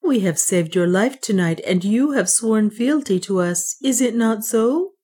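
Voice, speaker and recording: Woman reader voicing a storybook queen: high, formal, commanding, a little fearful underneath. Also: animated, unhurried, dark tone, husky. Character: anxious young woman posing as a goddess-queen.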